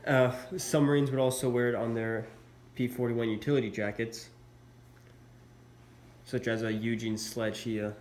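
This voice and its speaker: Delivering flatly at a moderate pace, a man with a mid-range, darkish voice that's stuffy from a cold shows his military collectibles. It's a casual show-and-tell vlog, and he hesitates, saying uh a lot. Faint background noise and room echo are audible.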